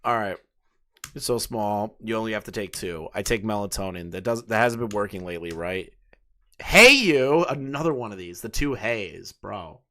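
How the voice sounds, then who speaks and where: A man's voice: fairly low pitch, moderate pace. A man in his late twenties hosting casual commentary, reading messages aloud and mocking them with incredulous, profane asides. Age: late 20s. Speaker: commentary host.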